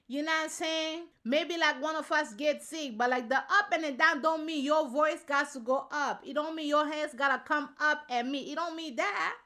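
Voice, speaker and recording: A woman's voice: sits high, normal speed, few pauses, bright, forceful tone. A woman vlogger giving casual opinion commentary to her viewers. She talks in slangy, informal speech and repeats her points for emphasis.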